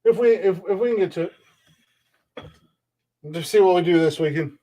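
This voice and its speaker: A man's voice: high-pitched, moderate pace, mellow. A man from the United States hosting a comedy podcast, chatting casually and playfully, teasing and mocking himself. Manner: playful, joking, self-mocking. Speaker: podcast host.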